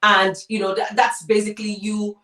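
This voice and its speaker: A woman's voice: medium pitch, little pitch movement, moderate pace, sharp tone, reverberant, distant mic. A woman lecturer co-hosting a relationship talk, speaking emphatically, repeating key words and speaking directly to viewers. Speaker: co-host and lecturer. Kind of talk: conversational discussion.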